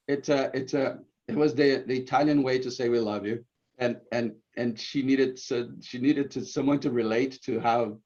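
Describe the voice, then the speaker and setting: A man, a former bishop, telling stories at a church gathering in a casual, animated way, acting out quoted lines loudly. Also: mid-range voice. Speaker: former bishop sharing ward memories. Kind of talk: informal reminiscing talk. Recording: muffled lo-fi recording.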